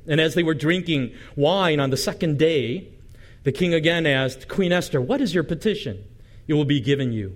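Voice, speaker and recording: Animated man preaching a sermon. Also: a little high. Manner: dramatic, animated storytelling with asides and light humor. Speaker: pastor. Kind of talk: sermon with expressive scripture reading.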